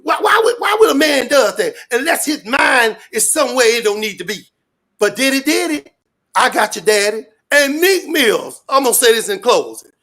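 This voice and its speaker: A man ranting loudly and profanely in street slang, rambling and repeating his catchphrases. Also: extremely high pitch, big pitch swings, moderate pace. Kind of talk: animated rant to an interviewer.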